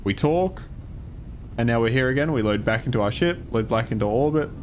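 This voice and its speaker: A man's voice: medium pitch, animated, fairly quick, a little hiss or hum. A man streaming a video game, ranting in frustration and swearing, often trailing off in the middle of thoughts. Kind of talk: casual gameplay commentary.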